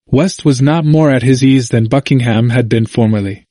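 A man narrating a history book in a measured, even reading. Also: medium pitch, no room sound, clean studio sound. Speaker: audiobook narrator.

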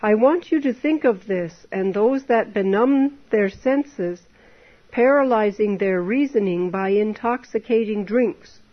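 In a mid-range voice that moves a little slowly, a woman preaches on temperance with real earnestness. Rhetorical questions fill her exhortation to the audience, and the lo-fi recording has a dull quality.

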